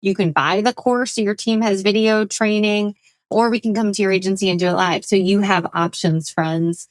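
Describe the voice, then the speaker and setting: Upbeat woman host with a promo pitch. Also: fairly even intonation, normal speed, dry recording. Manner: upbeat sales pitch, urging listeners to act. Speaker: podcast host. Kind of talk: promotional intro and outro.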